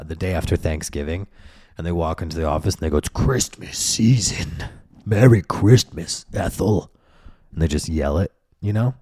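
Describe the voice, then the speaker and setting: Low, dark-voiced man ranting. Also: dry recording, clean studio sound. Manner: profane, sardonic, mocking voices of others. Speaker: podcast host. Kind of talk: solo comedic rant.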